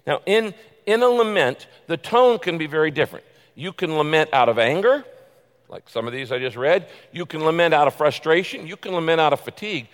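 A male pastor preaching in a large auditorium, his slightly raised voice carrying a long reverb. He swings from loud, pleading quotes to quiet, confiding asides. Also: on the high side, expressive, a little fast. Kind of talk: sermon.

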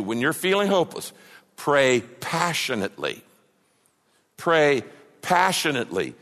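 A man preaching a sermon as a pastor, with impassioned delivery that swings from loud cries to mocking mumbles. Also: fairly high pitch. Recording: long hall reverb.

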